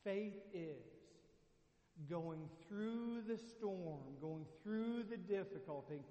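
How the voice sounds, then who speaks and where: A man's voice: high-pitched, slow, warm tone, roomy sound, big-room sound. A man preaching as a pastor, telling a story animatedly and acting out his own lines. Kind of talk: sermon with storytelling.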